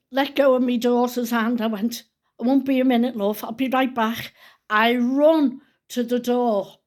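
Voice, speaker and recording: An older woman tells a personal family story, close to tears and dropping into hushed whispers. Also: a little high. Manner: hushed and tearful at times, drops to whispers. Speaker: grandmother telling a personal story. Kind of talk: emotional spoken storytelling.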